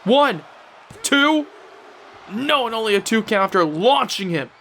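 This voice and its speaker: A young man giving excitable play-by-play commentary on a wrestling video game, breaking into shouts at big moves. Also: sits high, measured pace, a little hiss or hum.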